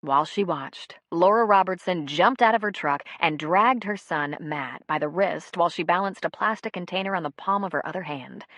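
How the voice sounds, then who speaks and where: A woman reading an audiobook in steady, even scripted narration. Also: on the low side, normal speed, few pauses, no room sound.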